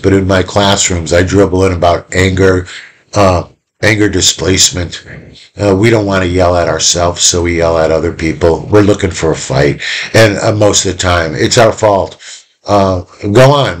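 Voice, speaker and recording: A man teaching in a casual video lesson, talking in an animated, chatty way and acting out little quoted exchanges. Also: low-pitched.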